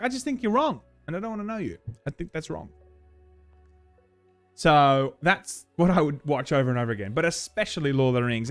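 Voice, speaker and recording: A young Australian man hosting a casual livestream, reading out viewer comments and rambling with restarts and sudden animated outbursts. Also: medium pitch, no room sound. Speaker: livestream host.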